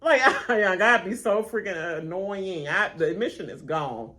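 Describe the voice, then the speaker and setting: A woman hosting a casual reality TV reaction video, animated and laughing, loudly mimicking the cast as she comments. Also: on the low side, normal speed. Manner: animated, laughing, mimics cast members with loud yelled names.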